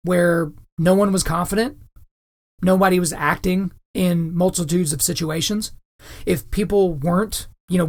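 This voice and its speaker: Brief: male podcast host with a gravelly edge, lecturing, keeps asking "right?". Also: sits high. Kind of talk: opinionated podcast commentary.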